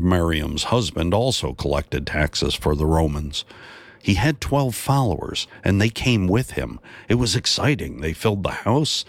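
A man reading a Bible story aloud in measured, steady scripted narration. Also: a bass voice, no room sound. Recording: dry, close voice.

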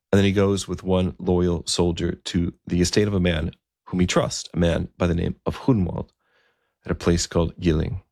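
A man telling a historical story in a relaxed, conversational way, with asides and fillers. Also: low-pitched, gravelly, dry recording, studio quality.

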